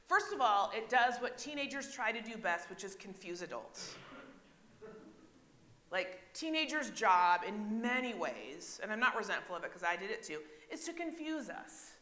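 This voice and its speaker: With a medium-pitched voice that's bright, forceful, and very animated, an American woman pastor preaches at normal speed in an echoey church sanctuary. She's chatty, questions the congregation, and frequently checks in with "right?".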